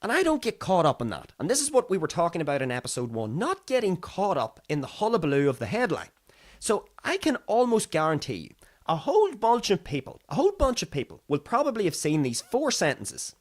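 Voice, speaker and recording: A young Irish podcast host talks through the news in a high-pitched voice with wildly swooping pitch and a brisk pace. His casual solo commentary is chatty and digressive, straying off topic, and he performs other people's voices.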